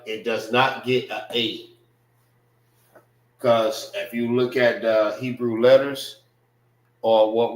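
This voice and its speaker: Slow, drawling American man teaching. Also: medium pitch, roomy sound, rough recording. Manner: slow, repetitive, drills pronunciation with frequent "all right" and "know what I mean". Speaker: Hebrew language teacher. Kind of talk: classroom language lesson.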